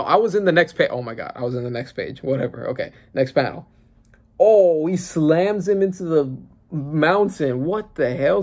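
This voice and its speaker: Brief: male reaction host, mid-pitched, casual and excitable, rambles with fillers, bursts into loud cursing exclamations. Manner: excitable, exclaiming, swears freely. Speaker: manga reaction channel host.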